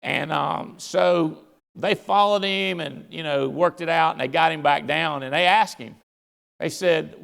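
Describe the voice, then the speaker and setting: Excitable man preaching motivation in a hall. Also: a little high, measured pace, gravelly. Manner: folksy, excitable, rambling storyteller. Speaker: company founder speaking at a convention. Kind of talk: motivational convention speech. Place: large convention hall. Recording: live hall reverb.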